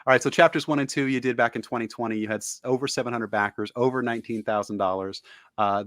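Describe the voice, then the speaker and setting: A man's voice: lowish voice, fairly bright tone, no room sound. A man hosting an interview in a casual, teasing way, laughing often as he chats with his guest. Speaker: interview host.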